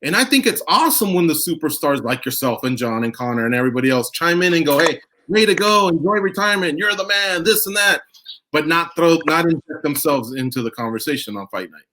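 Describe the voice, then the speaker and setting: A man's voice: fairly high pitch, expressive, brisk, pushed and bright. A man hosting a radio show, talking in a loose, rambling, casual way and swearing freely. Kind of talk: casual chat.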